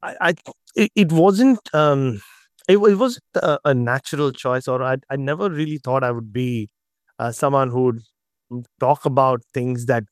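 A man, telling personal stories as an interview guest, halting often and restarting his sentences. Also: mid-range voice, no room sound, clean studio sound. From India. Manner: halting, with many restarts and fillers. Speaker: interview guest, cricket journalist. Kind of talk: candid personal storytelling in an interview.

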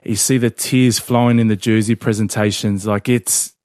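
Male co-host, animated storyteller, dry studio sound. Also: on the low side, moderate pace, no room sound. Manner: chatty, animated storyteller, laughs often. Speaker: podcast co-host. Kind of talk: casual sports chat.

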